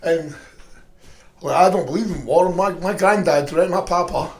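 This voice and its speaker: A middle-aged man telling stories in a profane, rambling, animated way. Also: high-pitched, moderate pace, echoey room. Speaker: podcast guest. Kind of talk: casual storytelling chat.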